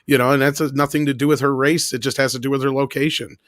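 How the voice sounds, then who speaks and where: A man's voice: medium pitch, level tone, fast talker, a bit bright, dry recording, clean studio sound. A man co-hosting a review roundtable, easygoing and joking. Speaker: co-host.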